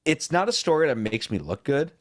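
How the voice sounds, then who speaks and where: A man co-hosting a casual podcast, telling a story with lots of swearing and high-pitched quoted voices. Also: big pitch swings, fairly quick, slight background noise. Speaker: podcast co-host.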